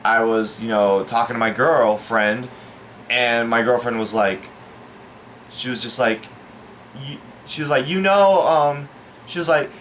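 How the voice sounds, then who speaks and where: A man rambles through a personal story in a casual, halting delivery, stumbling over fillers and restarting his sentences. He sounds baffled and aggrieved, and his voice sits at a middling pitch. A faint noise runs behind him. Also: a bit bright. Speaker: storyteller vlogger.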